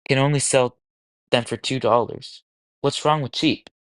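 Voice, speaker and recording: A man reading lends his voice to a thin young factory worker who reasons things out earnestly. Her pitch stays mid and plain. The sound is dry and close. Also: steady tone, measured pace, fairly bright tone, dry recording, lightly acted.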